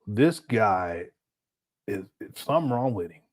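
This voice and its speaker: A man's voice: lowish voice, big pitch swings, a little slow. A man in his late forties hosting a casual reaction commentary, mocking and laughing as he talks. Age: 40s. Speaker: commentary host.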